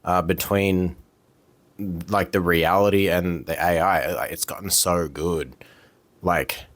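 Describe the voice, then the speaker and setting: Low-voiced man ranting to camera. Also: steady tone, takes it slowly, fairly bright tone, no room sound. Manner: heated, profane, repetitive, frequent fillers. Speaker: vlogger. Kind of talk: casual rant to camera. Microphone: camera mic.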